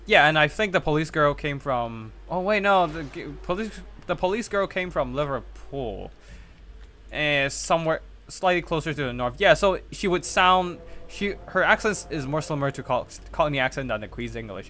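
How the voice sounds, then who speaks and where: Guy streaming a game tourney, slightly high voice, calling the action and chatting back to viewers. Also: expressive, normal speed, bright, forceful tone, a little hiss or hum. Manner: chatty, answers viewer chat between play calls. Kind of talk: live game commentary.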